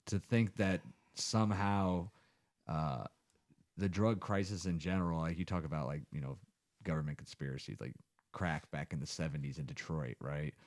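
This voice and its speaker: A man's voice: a bass voice, fairly even intonation, moderate pace, darkish tone. A man in his thirties from Ohio, hosting a podcast and telling rambling stories in casual chat, swearing a lot. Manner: rambling storyteller, heavy swearing. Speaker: podcast host.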